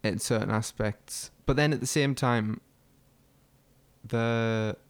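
A man's voice: mid-range voice, takes it slowly, clean tone. A young man co-hosting a casual chat, swearing freely and telling stories with acted-out quotes. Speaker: podcast co-host.

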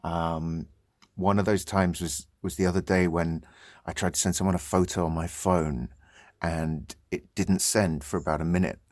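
Very deep-voiced man, dry and close. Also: steady tone, moderate pace, a little mellow, no echo. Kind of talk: casual chat.

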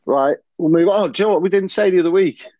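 A man's voice: high-pitched, fast talker, dark tone, no room sound, highs cut off. A man hosting a casual rugby chat podcast, rambling and full of fillers and restarts. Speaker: podcast host.

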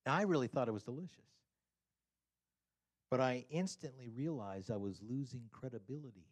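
At normal speed, a male preacher delivers a humorous, laid-back sermon full of animation and frequent chuckles, voicing quotes with abrupt leaps into a high pitch.

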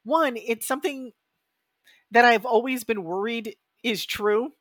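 A woman in her fifties, co-hosting a podcast in a casual, animated way and acting out her own thoughts. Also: a little high, unhurried, no echo, studio quality. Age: 50s. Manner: animated, acts out quoted thoughts. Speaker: podcast co-host.

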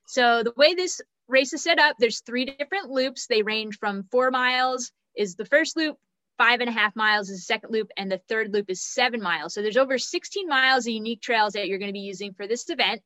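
Bright, chatty woman hosting a live stream. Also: on the high side, fairly quick, dry recording, poor audio. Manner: chatty, enthusiastic, laughs at names. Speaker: host and race director.

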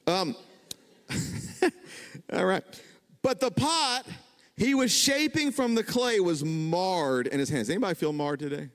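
A man preaching a sermon, conversational and animated, building to emphatic peaks. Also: sits high, slow pace, pauses often. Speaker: pastor. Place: church hall. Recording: reverberant church hall.

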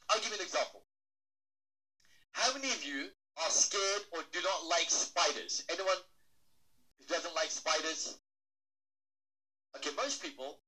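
A man with a bright, slightly high voice gives an animated stage talk to an audience. He teases the crowd, asks them questions, and acts out quick little voices to make his points. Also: rough recording. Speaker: motivational speaker.

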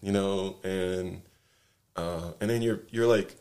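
A man's voice: deep voice, steady tone, takes it slowly, a little mellow. A man casually telling a rambling travel story, full of fillers, restarts and tag questions.

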